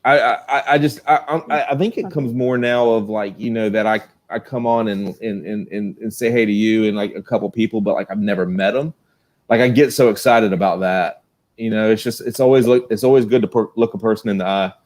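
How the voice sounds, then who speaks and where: A man's voice: on the low side, steady tone, fairly quick, a little mellow. A man with a Southern accent chatting casually on a livestream, rambling with lots of restarts and laughter. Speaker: co-host.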